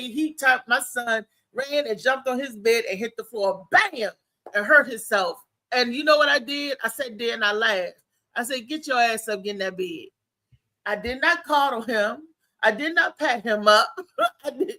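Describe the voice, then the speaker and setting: A woman co-hosting a casual talk show, telling stories in an animated way with laughs and restarts. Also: a little high, normal speed. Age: adult with a child. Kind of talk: casual chat.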